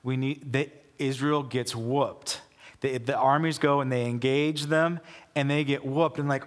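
A man preaching a casual sermon as pastor, telling the story in an animated way and acting out the people in it. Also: mid-range voice, measured pace. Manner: animated storytelling, acts out quoted voices. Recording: long hall reverb.

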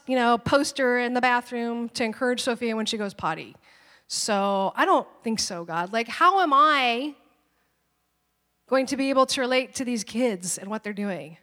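Female pastor, 30s, fairly high voice, animated and chatty, acts out quoted voices, long church-hall reverb. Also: moderate pace. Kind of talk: sermon with personal stories.

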